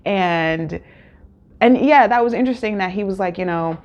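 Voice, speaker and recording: A woman's voice: medium pitch, normal speed, a little mellow. A woman hosting a casual solo recap, talking candidly with many fillers and acted-out quotes. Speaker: show recap host.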